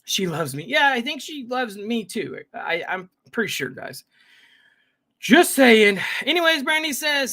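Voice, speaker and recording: This reaction streamer talks casually with viewers, naming them as he greets them, and rambles with frequent self-interruptions. He has a very high, very animated voice with a sharp tone, delivered at a measured pace.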